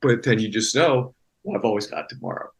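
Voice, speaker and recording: A man's voice: mid-range voice, lively intonation, fairly quick, husky, low-quality recording. A man talking as a guest actor in a casual interview, rambling with many restarts and fillers.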